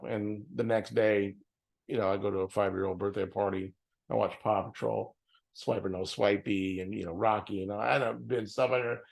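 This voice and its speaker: A man's voice: fairly low pitch, vocal fry, a little mellow. A middle-aged man telling a personal story in an earnest, emotional way, often repeating phrases for emphasis. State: tearful at times. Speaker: vlogger.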